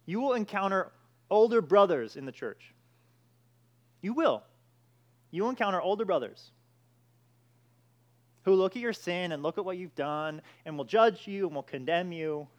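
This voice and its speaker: A man's voice: sits high, lively intonation, normal speed, pauses often. A man preaching a sermon, emphatic, with frequent restarts and repeated "all right".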